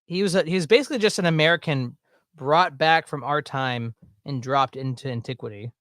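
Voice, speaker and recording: A man's voice: fairly high pitch, brisk, a bit bright, no echo, studio quality. Rambling Southern man reacting casually. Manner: rambling, filler-heavy, laughs often. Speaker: streamer reacting to videos. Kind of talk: casual watch-along commentary.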